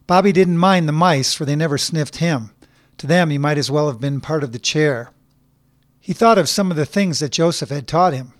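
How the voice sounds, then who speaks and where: A man reading a short story aloud in a measured, even storytelling manner. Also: on the high side, no echo, clean studio sound. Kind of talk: scripted narration.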